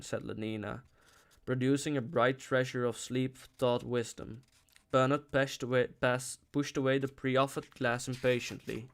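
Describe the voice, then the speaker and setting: A man narrating an audiobook in a steady voice, with occasional restarts on words. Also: medium pitch, a little slow, gravelly. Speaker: audiobook reader. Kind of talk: unscripted-feel audiobook narration.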